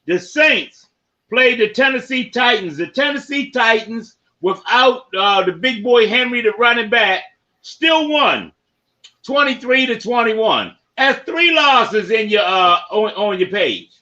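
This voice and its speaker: A man hosting a casual sports podcast, running through football results and giving shout-outs to listeners by name. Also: very high-pitched, lively intonation, a little slow, muffled recording. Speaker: podcast host.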